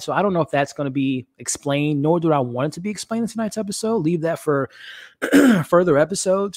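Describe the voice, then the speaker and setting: A man's voice: a little high, darkish tone, no room sound, clean studio sound. A man hosting a live stream, chatting casually and talking straight to his viewers, with plenty of fillers. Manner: chatty, addresses chat directly, frequent fillers. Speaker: YouTube show host.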